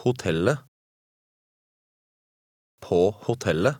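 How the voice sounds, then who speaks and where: A man giving careful, clearly spoken model phrases for learners to repeat. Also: lowish voice, lively intonation, takes it slowly, no echo, studio quality. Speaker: native-speaker model voice. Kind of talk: slow model phrases for repetition.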